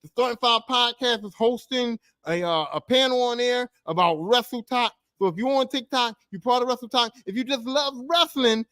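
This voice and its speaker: Man ranting animatedly with a high, bright voice. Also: normal speed, hardly any pauses, clean tone, dry recording, studio quality. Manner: profane, animated ranting with swings from low mutters to loud outbursts. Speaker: podcast host. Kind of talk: casual comedic monologue.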